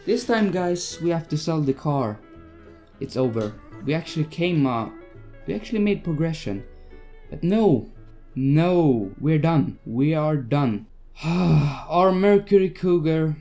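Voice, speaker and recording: A man's voice: fairly high pitch, animated, takes it slowly, warm tone, soft background music. Stressed young man narrating gameplay. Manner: stressed, swearing, talks to himself. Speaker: gaming YouTuber. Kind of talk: live gameplay commentary. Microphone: desk mic at a PC.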